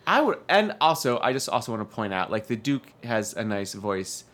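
A man's voice: lowish voice, moderate pace. A man co-hosting a casual chat, gushing enthusiastically with lots of "like"s. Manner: animated and enthusiastic, gushing with many "like"s. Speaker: podcast co-host. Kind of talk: casual chat reviewing a TV show.

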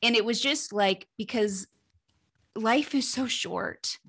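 Woman, humor writer, interview guest, animated storytelling, bright voice. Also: slow pace, creaky, breathy edge. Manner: lively, laughing, jumps up in pitch when telling funny bits.

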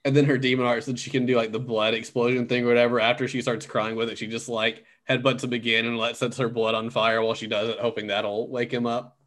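A man in casual chat, relaxed and agreeable, trading opinions with a co-host. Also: medium pitch, fast talker, few pauses. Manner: relaxed, agreeable, brief backchannels.

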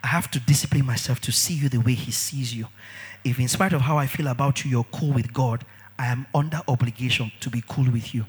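A man preaching a sermon in an animated way, shouting at times, dropping low at others, and repeating phrases for emphasis. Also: a little fast, husky.

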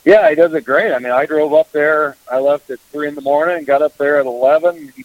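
A man's voice: on the high side, a little fast, no echo, narrow, tinny audio. A man chatting casually as a guest about fishing on the radio, rambling with lots of filler words. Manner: rambling, heavy on "you know" fillers.

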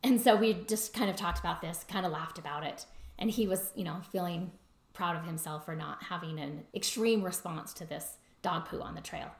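This woman has a lowish, gravelly voice at normal speed, recorded with reverb. In a reflective talk on trauma and choice, she recounts a personal story conversationally, full of fillers, putting on her husband's voice for his quotes.

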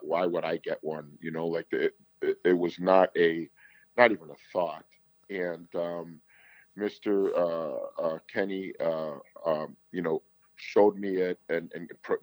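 A middle-aged man with a very low voice speaks as a guest, earnest and rambling, often restarting his sentences. The sound is dry and close. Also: no echo, rough recording. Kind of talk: candid conversational storytelling.

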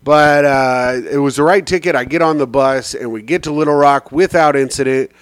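A man hosting a podcast, telling road stories in an animated, casual comic style with swearing. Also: medium pitch, moderate pace, clean tone, dry recording. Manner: animated, swearing, slips into quoted voices. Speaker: podcast host.

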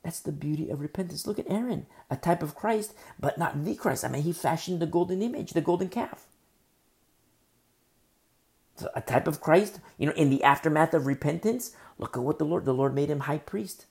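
A man's voice: on the high side, brisk, creaky, few pauses, a little mellow. A man preaching a sermon, teaching through a Bible passage and repeating key phrases for emphasis. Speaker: pastor.

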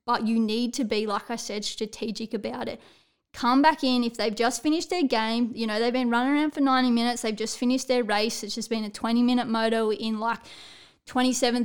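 A woman's voice: fairly high pitch, clear, resonant tone. A woman sports coach, giving a blunt, motivational talk to camera, swearing casually and checking in with "all right?".

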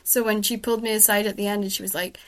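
A Scottish woman chats easily with her guest, her voice sitting in a middling register. She is eager and animated as she shares anecdotes, and talks casually as the host. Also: medium pitch, very fast. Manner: chatty and enthusiastic, tells anecdotes. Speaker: host and author. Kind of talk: casual interview chat.

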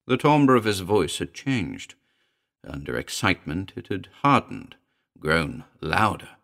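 A man reading a classic ghost story aloud in a measured, expressive narrating voice. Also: low-pitched, gravelly.

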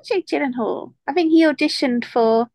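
A woman co-hosting a podcast in casual chat, animated and playful, laughing a lot. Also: sits high, normal speed, gravelly, no echo. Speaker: podcast co-host.

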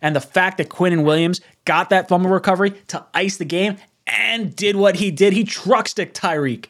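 A man hosting a casual sports chat on a stream, excitable and tipsy, who swears freely and laughs a lot. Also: high-pitched, normal speed. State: tipsy from drinks. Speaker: stream host.

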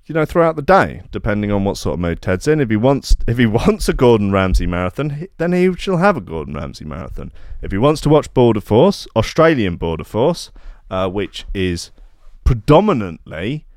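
A young man giving sarcastic comic commentary with deadpan mock outrage and many fillers. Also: mid-range voice, normal speed, no echo, studio quality. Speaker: comedy podcast host.

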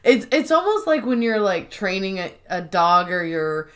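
A woman's voice: medium pitch, sing-song, moderate pace, a bit bright. A woman co-hosting a podcast in casual chat, recapping episodes and acting out quoted lines. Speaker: podcast co-host.

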